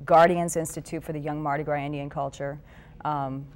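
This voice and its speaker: A woman's voice: low voice, flat delivery, a little fast, darkish tone, a little hiss or hum. A woman appearing as a guest on a live morning show, eagerly promoting a benefit event. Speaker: guest organizer. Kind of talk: live TV interview.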